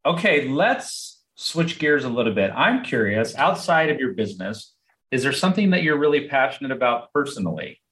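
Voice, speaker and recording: A man's voice: medium pitch, sing-song, moderate pace, fairly bright tone. A man hosting a business interview, asking questions and giving short encouraging replies. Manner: brief encouraging backchannels. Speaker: interviewer, host. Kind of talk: conversational interview.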